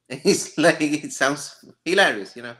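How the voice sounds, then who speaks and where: A man's voice: on the high side, slow pace, pushed and bright. A man hosting a casual live stream, joking and ranting with frequent laughter. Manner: laughs often, jokey and rambling.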